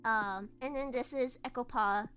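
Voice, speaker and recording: A woman's voice: fairly high pitch, normal speed, a bit bright, faint music behind. A young woman streamer telling a casual story while drawing, giggling often and restarting her phrases. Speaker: virtual streamer.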